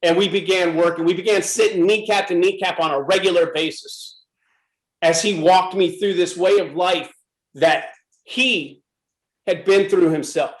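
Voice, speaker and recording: A man's voice: sits high, steady tone, moderate pace, roomy sound, poor audio. A middle-aged American man giving an intense, emphatic personal talk to a club audience. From USA. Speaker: speaker at a club presentation.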